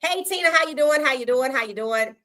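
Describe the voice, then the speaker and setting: A woman's voice: high-pitched, lively intonation, fairly quick, sharp tone. A woman hosting a casual sports talk livestream, giving outspoken, colloquial opinions and greeting chat viewers. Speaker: podcast host.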